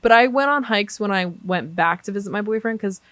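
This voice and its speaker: A young woman guesting on a podcast in casual chat, animated and swearing a lot. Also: medium pitch, brisk, no echo. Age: young adult.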